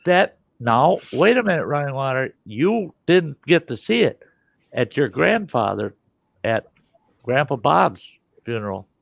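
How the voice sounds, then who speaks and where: A man's voice: medium pitch, big pitch swings, unhurried, vocal fry. A man hosting a casual show and telling rambling, swearing anecdotes. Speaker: host. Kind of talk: casual storytelling. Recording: dull lo-fi dry sound.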